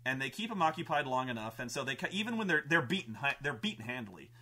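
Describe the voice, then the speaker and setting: A man, host and game master, telling a tabletop campaign story in an excitable, profane way with many restarts. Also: mid-range voice, fast talker, husky.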